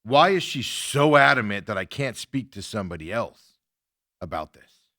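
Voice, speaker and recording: A man hosts a talk show in casual chat, retelling a frustrating call. His bright, forceful voice rides a lively pitch as he quotes both sides. The sound is dry and close. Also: moderate pace, no echo. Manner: animated, indignant retelling with quoted exchanges. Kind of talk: casual chat, telling a story.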